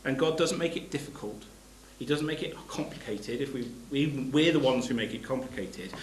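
A man's voice: mid-range voice, normal speed, reverberant, slight background noise, low-quality recording. A man giving a sermon. He reads scripture aloud and explains it plainly, stopping to restart his phrases. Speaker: preacher.

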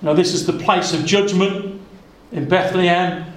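Guy preaching a bible sermon, kinda high voice, lots of asides, echoey room. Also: fairly even intonation, a little slow. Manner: earnest, conversational, many asides and restarts.

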